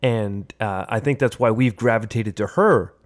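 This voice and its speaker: A man's voice: fairly low pitch, moderate pace. Playful man co-hosting a teacher podcast. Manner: playful, jumps into silly voices. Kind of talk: casual chat.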